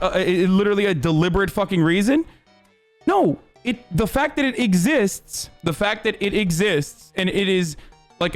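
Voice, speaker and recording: A young man rants at his livestream chat in a very high, strained voice, swearing constantly and breaking into shouts. Faint music plays behind him. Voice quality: profane, fast, shouting in bursts. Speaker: streamer. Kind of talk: heated livestream rant.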